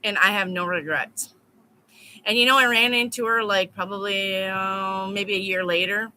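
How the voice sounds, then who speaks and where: A woman's voice: medium pitch, steady tone, normal speed, bright, forceful tone, slight background noise, low-quality recording. A woman reading tarot in a casual live stream, telling stories bluntly with plenty of swearing. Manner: blunt, profane storytelling. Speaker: tarot reader.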